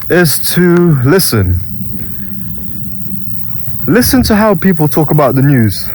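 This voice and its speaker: Young male vlogger, slightly high voice, rambly casual storyteller, faint background hiss. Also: a little mellow, poor audio. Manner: rambling, with many restarts and acted quotes. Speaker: self-improvement vlogger.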